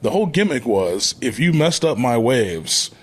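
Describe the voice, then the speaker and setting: A man in his thirties, a wrestler as podcast guest, speaking in a measured, thoughtful way. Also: mid-range voice, sing-song. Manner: measured, deliberate delivery with frequent restarts. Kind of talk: thoughtful interview talk.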